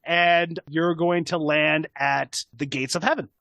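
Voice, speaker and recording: A man running a tabletop game as game master, narrating lively and laughing with players. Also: on the high side, unhurried, vocal fry, no room sound.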